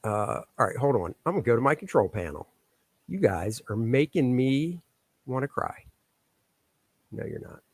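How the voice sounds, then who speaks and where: A man's voice: mid-range voice, big pitch swings, normal speed, a little mellow, husky, dry recording. A man hosting a casual live stream from his home studio, chatting and joking in an easygoing way while he troubleshoots his own setup. His mid-range voice comes through a stand microphone, close and dry with no room sound.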